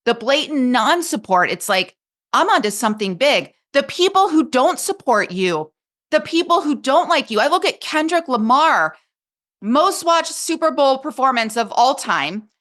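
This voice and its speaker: A woman's voice: sits high, fairly bright tone. A woman coach talks through a podcast microphone in an easy conversational way. She is earnest and emphatic and lets her emotions show, pressing her points with feeling.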